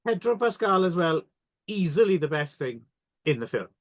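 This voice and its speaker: Man, podcast co-host, somewhat high voice, casual and jokey, swears. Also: sing-song, normal speed. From Canada. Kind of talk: casual film chat.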